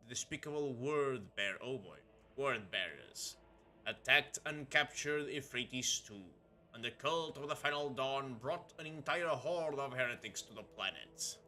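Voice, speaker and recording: A man voicing a stern, scheming Inquisitor who speaks in a measured, formal, persuasive way. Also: medium pitch, animated, pushed and bright. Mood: grave.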